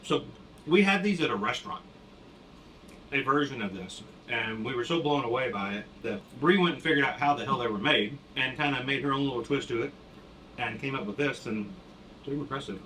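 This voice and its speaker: A man's voice: medium pitch, animated, fairly quick, pushed and bright, far from the mic, a little hiss or hum, rough recording. A man co-hosting a cooking show, chatting in a laid-back, joking way while tasting the food. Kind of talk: casual chat while tasting.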